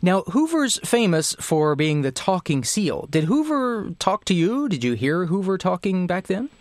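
A man's voice: high voice, very animated, a little slow, no room sound. A male radio host conducting an interview in a friendly, conversational way with a taste for puns.

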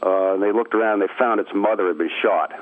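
Calling in as a radio interview guest, a middle-aged Mainer relaxes into a family story with easy chuckles. He talks fast in a lowish voice, heard over a tinny, dry telephone line without echo.

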